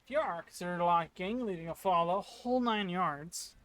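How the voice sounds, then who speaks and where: A man streaming a video game, chatting casually to his viewers and getting loudly frustrated with the game. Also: high-pitched, normal speed. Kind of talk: casual gameplay commentary.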